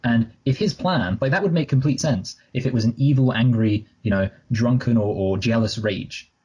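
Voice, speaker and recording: A man's voice: medium pitch, normal speed, warm tone, husky, highs cut off. A man co-hosting a casual movie review chat, rambling and correcting himself, with joking asides. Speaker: podcast co-host.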